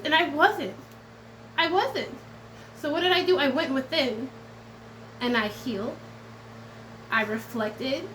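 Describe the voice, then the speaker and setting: A woman's voice: high voice, fairly bright tone, a little hiss or hum, rough recording. A woman tarot reader talking straight to her viewers in a casual vlog, blunt and profane, swinging between defiance and tenderness and close to tears at times.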